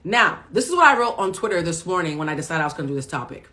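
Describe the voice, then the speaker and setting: Blunt, profane woman coach, lower voice. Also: sing-song, racing, few pauses, bright, forceful tone. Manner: blunt, profane, preachy, fires rhetorical questions. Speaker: emotional intelligence coach. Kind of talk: live-streamed talk to viewers.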